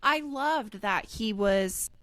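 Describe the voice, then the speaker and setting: Animated woman podcast co-host. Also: mid-range voice, slow pace, no room sound. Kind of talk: casual chat.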